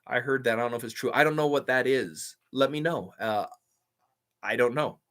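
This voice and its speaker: Speaking at a moderate pace in a slightly bright, mid-range voice, a man fields chat questions on a live stream. He's eager and meandering, with many fillers.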